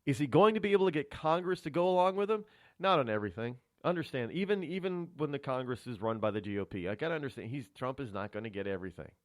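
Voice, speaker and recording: A man hosting a radio talk show, rambling through a solo monologue of political commentary with many restarts. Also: fast talker. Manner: rambling, restarts often, animated pitch swings. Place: radio studio.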